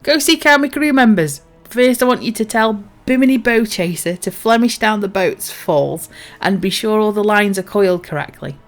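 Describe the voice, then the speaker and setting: A gruff old pirate captain from a fantasy game roars out orders, voiced by a woman. His speech slurs and rolls like a drunk sailor's, and he stays loud and blustering. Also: mid-range voice, animated, normal speed, lightly acted.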